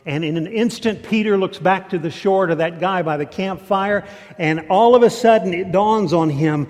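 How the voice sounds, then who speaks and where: A preacher with a slightly high voice tells the story in a lively, repetitive way. A long reverb fills out every phrase. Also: male voice, normal speed. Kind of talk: sermon.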